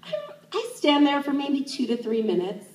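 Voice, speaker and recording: A young woman tells a personal story, her slightly high voice leaping up whenever she acts out her own thoughts. She sounds set back from the microphone, in a reverberant room. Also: moderate pace. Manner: animated, acts out her own inner thoughts in jumps of pitch. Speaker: sex educator. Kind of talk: live first-person storytelling. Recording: roomy, distant stage mic.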